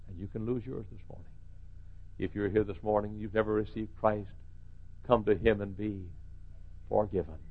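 A man preaching a sermon in a church, swinging from hushed lines to shouting. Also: on the low side, steady tone, normal speed, long pauses, phone-quality sound.

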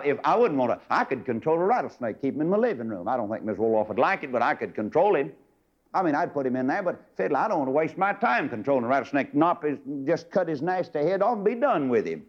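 An older man preaching a fiery, emphatic sermon, swinging from loud high bursts down to low murmurs. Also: sing-song, fast. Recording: dull lo-fi sermon tape.

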